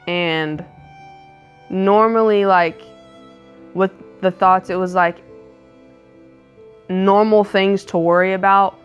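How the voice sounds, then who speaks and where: A young woman speaks softly in a low, flat voice, hesitating and filling pauses with "like". She tells her story in a casual, personal way. Faint music plays underneath. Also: clean tone, muffled recording. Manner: soft, hesitant, many "like" fillers. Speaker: wife co-host of couple's channel.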